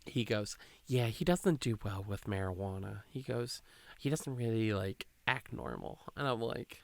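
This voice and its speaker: A man's voice: lowish voice, lively intonation, unhurried, gravelly, no room sound. A young man hosting a podcast, telling a rambling, swear-filled story in casual chat and quoting people along the way. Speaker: podcast host.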